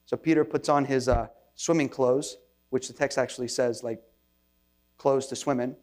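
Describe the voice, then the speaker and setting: A man's voice: mid-range voice, fairly even intonation, normal speed, darkish tone. Casual, rambling male pastor preaching. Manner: informal, self-deprecating asides with frequent restarts. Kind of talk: conversational sermon.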